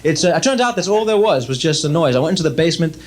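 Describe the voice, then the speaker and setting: A man's voice: fairly high pitch, expressive, rapid-fire. A man doing stand-up comedy, chatty and rambling, talking straight to the audience and slipping into exasperated mock dialogue.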